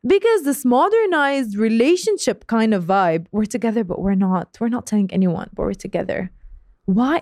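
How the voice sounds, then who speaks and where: A young woman giving a blunt, profane relationship rant to the camera, animated and laughing often. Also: on the high side, moderate pace, no echo, clean studio sound. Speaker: vlogger.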